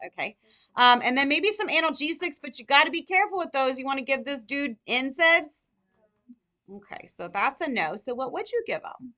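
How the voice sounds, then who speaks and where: A woman nursing tutor lecturing a live class, firing rapid questions at her students. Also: sits high, bright, forceful tone.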